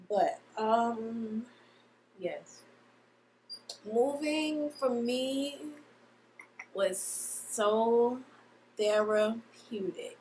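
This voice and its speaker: A young woman, crying as she tells a personal story in a vlog, halting with many pauses and restarts. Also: on the high side, a little hiss or hum, low-quality recording. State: tearful, crying. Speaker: vlogger.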